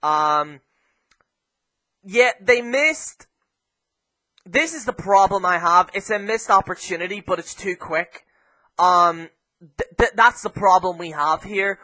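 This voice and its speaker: Irish guy cursing and going off about wrestling, bright edgy voice, yells sometimes. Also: high voice, animated, takes it slowly, pauses often, poor audio. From Ireland. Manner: heavy swearing, heated ranting; flares into shouting. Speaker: wrestling show reviewer. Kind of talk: ranting show review.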